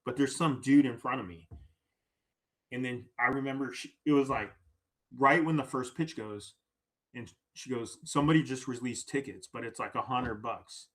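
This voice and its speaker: A man as a podcast guest, telling a story in a casual, animated way, acting out quoted lines and often tagging "right?". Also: mid-range voice, moderate pace.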